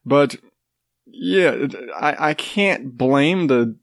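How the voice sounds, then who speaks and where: A man's voice: medium pitch, expressive, extremely slow, creaky, no room sound, clean studio sound. A man with a congested, stuffy nose, rambling sarcastically in a casual, profane chat. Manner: rambling, sarcastic, swears freely.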